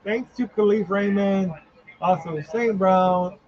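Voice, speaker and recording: Guy hosting a watch party stream, higher voice, kinda rambly, dull lo-fi sound. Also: slow pace, a crowd in the background. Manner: rambling, filler-heavy, yawning. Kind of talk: casual live game chat.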